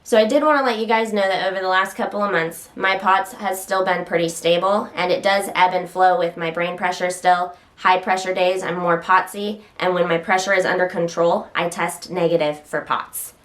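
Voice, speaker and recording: A woman's voice: fairly low pitch, steady tone, normal speed, few pauses, fairly bright tone. Woman vlogging at home standing up, a bit out of breath, rambly, trips over words sometimes. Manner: rambling, self-interrupting, chatty; occasional stutters. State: slightly out of breath. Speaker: health vlogger. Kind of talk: casual chat to camera. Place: home, standing while filming.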